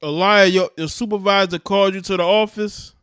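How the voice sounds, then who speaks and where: A man with a high, smooth and clear voice talks casually on a livestream. He explains his points and speaks straight to his viewers. The sound is dry and close. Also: steady tone, brisk, a bit bright, no echo. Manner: chatty, explains and addresses viewers directly. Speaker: livestream co-host.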